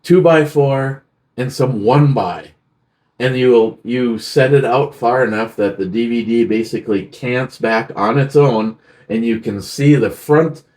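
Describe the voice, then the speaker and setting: Male co-host, relaxed story recounting, average pitch. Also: measured pace. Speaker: co-host of a beer review show. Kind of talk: casual banter, storytelling.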